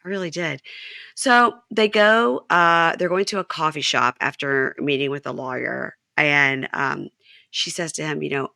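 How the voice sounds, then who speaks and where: A woman's voice: low-pitched, a little slow, creaky, pushed and bright, dry recording, clean studio sound. A woman hosting a podcast, chatting casually and retelling show scenes with quoted lines. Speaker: podcast host. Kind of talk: casual chat recapping a reality show.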